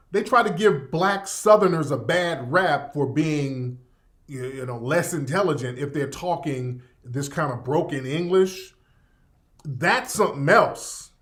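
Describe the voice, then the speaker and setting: High-voiced man hosting an unfiltered livestream. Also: a bit bright. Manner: rambling, profane, repetitive, reacting to chat. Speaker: radio show host. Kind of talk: casual livestream commentary.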